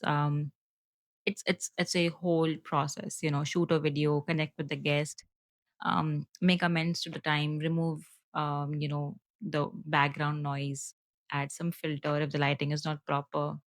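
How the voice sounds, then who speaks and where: Indian woman hosting her podcast, talks quick and earnest, low-pitched, no room echo. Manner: fast-talking, earnest, with fillers. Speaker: podcast host. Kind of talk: solo podcast talk to viewers.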